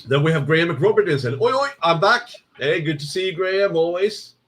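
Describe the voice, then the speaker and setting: A man's voice: fairly high pitch, a little fast. A man hosting a casual livestream, chatting and reading out viewer messages with frequent laughs. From United Kingdom. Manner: laughs often, lively banter. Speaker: livestream host.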